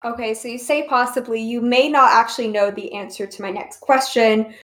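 A woman's voice: on the high side, fairly even intonation, fairly quick, a bit bright. A woman co-hosting a podcast, chiming in with jokes and pointed questions. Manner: wisecracking, swears casually, questioning. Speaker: podcast co-host. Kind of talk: casual chat.

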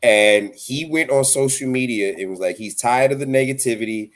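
A man's voice: medium pitch, normal speed. A man co-hosting a casual wrestling podcast, crude and profane, joking and laughing easily. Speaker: podcast co-host.

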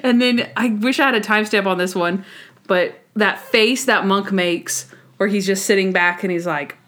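A woman's voice: mid-range voice, moderate pace, a bit bright. A woman co-hosting a podcast, recapping a TV episode in casual chat and acting out scenes with quoted voices and sound effects. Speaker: podcast co-host.

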